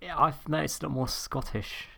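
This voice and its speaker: A man's voice: a little high, steady tone, moderate pace, creaky, sharp tone. A man co-hosting a casual podcast, making dry, teasing remarks. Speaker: podcast co-host. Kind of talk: casual chat.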